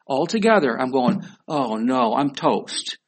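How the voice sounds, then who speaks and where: A man's voice: mid-range voice, very animated, a little slow, husky. A man preaching a sermon in a conversational way, asking his listeners questions. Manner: conversational, asks the audience questions. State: weak voice. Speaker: pastor.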